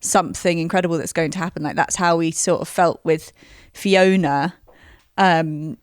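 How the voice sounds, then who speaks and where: A woman's voice: on the low side, fairly even intonation, moderate pace, no echo, clean studio sound. A woman co-hosting a casual chat about a TV show, giggly and dramatic, laughing often. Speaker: podcast co-host.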